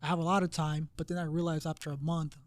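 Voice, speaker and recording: A man co-hosting a casual podcast, talking in a rambling, halting way with many restarts. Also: fairly high pitch, flat delivery, no room sound. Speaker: podcast co-host. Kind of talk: casual conversation.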